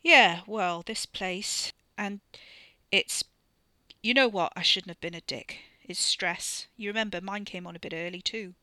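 A crude young man talks bluntly and offhandedly, swearing as if it costs him nothing, as a woman reading the book puts him on. The voice comes across bright and close, with no room around it. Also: medium pitch, measured pace, dry recording. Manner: gruff, offhand, swearing casually.

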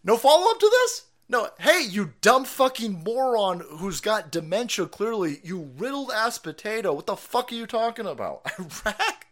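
A man streaming political commentary, loud and mocking, swinging from shouts to low mutters. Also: sing-song, moderate pace, few pauses. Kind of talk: profane ranting livestream commentary.

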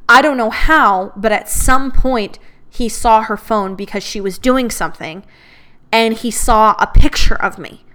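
Young woman spilling a story, candid and swearing a lot, kinda high voice. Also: clean tone. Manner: candid and expressive, swears freely, quotes others in her own voice. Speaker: podcast host. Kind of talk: casual storytelling.

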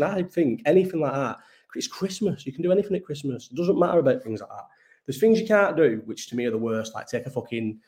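A man's voice: mid-range voice, dark tone. A young man, hosting a casual live-stream chat, who swears often and loses his thread as he rambles. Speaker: host of a live-chat show.

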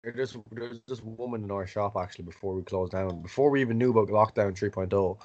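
A man's voice: fairly low pitch, fast talker, a little mellow, lo-fi sound. A young man in casual podcast chat, rambling through anecdotes, swearing freely and acting out quotes in a raised voice.

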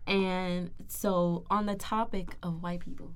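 A woman's voice: on the low side, slow pace. A young woman co-hosting a casual podcast, telling a family story with lots of laughter and acted-out quotes. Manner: animated, acts out quoted voices, laughs often. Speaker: podcast co-host.

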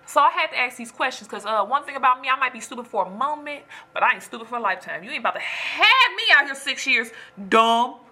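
Breathy, emphatic woman venting. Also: high-pitched, fast talker, hardly any pauses. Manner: animated, emphatic, preachy. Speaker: storyteller venting to viewers. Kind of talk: casual chat.

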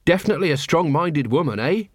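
A man's voice: on the high side, expressive, fast talker, dry recording, clean studio sound, voice pushed up. A man voicing an eager, naive young male watch corporal in an audiobook. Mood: cheerful.

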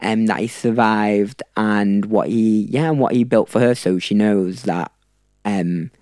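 A young man in his twenties speaking as a podcast guest in a slightly low voice. He talks casually, pausing and restarting his sentences often. The recording is dry and close. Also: fairly even intonation, dry recording. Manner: hesitant, frequent restarts, warm and informal. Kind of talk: casual chat.

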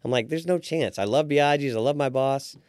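A restaurant owner in his forties tells his story as a guest on a podcast, speaking briskly at a medium pitch in clean studio sound with no echo. It's storytelling in a casual interview, and he's an animated storyteller who acts out the voices of the people he quotes.

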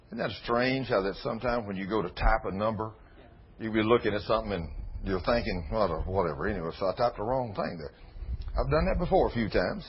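A man preaching an informal Bible lesson, folksy, reading scripture slowly and with weight. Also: lowish voice, lively intonation, slight background noise. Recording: dull lo-fi sermon recording.

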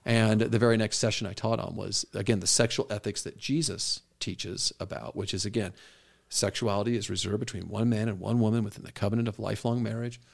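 A middle-aged man with a lowish voice speaks as a pastor co-hosting a conversational podcast. He talks earnestly and tells stories, acting out what others said to him. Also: fairly even intonation, a little fast, vocal fry. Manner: earnest, storytelling with quoted dialogue.

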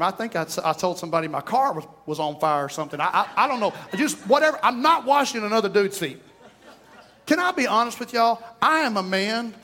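A man's voice: sits high, expressive, brisk, pushed and bright. A man with an East Texas accent, a pastor preaching a folksy, joking, conversational sermon in church. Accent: East Texan. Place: church sanctuary.

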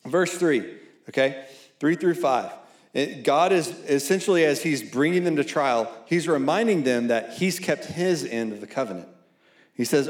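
A man's voice: a little high, expressive, moderate pace. A man preaching a sermon to a college crowd in a casual, conversational way, often checking in with "right?" and reading scripture aloud. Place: church hall at a college service. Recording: echoey room.

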